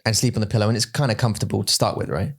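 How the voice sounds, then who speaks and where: Pria yang bercerita dengan hidup. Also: male voice, lowish voice, very fast, creaky, slightly rough. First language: English. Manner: animated storytelling, acts out voices for effect. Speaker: podcast co-host. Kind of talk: casual bilingual chat.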